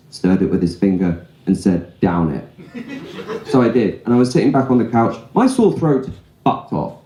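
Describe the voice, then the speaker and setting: On stage at a comedy club, a young male comedian from England tells casual stories, frequently checking in with "right?" while the audience laughs. He has a mid-range, warm, mellow voice, and the live room adds echo.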